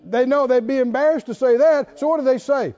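A man's voice: very high-pitched, a little fast, warm tone, muffled recording. A man preaching a sermon, emphatic and driving his points home with repeated rhetorical questions.

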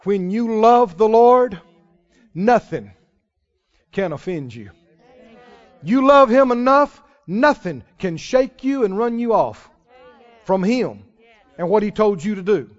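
High-pitched, lively preacher. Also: male voice, slow, pauses often, muffled recording. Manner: animated preaching, laughing often, calls to the congregation. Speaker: pastor. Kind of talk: sermon.

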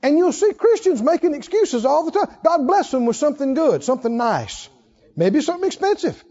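A male pastor preaching a sermon in a large church, animated and chuckling, firing rhetorical questions at the congregation. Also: extremely high pitch, fairly quick. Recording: dull lo-fi sermon recording.

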